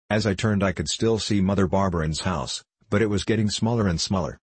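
A man narrating a novel aloud in calm, even scripted narration. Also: low-pitched, husky, no room sound. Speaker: audiobook narrator.

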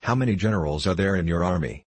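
A man's voice: sits low, fast talker, husky, no room sound. A man voicing a shrewd, practical farmer who asks questions and gives matter-of-fact advice, in a storybook reading.

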